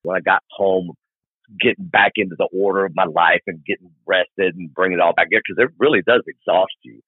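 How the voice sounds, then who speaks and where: Speaking low and fairly quickly, a husky man spins animated, colloquial stories and acts out the scenes. He's a long-distance motorcycle rider appearing as a podcast guest, heard over a tinny, phone-like remote line with no room sound.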